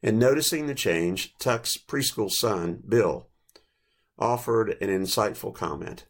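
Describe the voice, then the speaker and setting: An older man in his late sixties preaching a reflective sermon, telling stories gently with small restarts. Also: lowish voice, expressive, slow. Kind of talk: sermon with storytelling.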